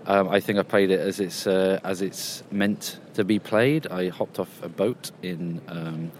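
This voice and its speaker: A man's voice: low-pitched, steady tone, measured pace, a little mellow, slight background noise. A man casually reporting from a games convention, rambling and chatty, recorded outdoors. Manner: rambling and chatty, with many fillers. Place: quieter outdoor area at a convention.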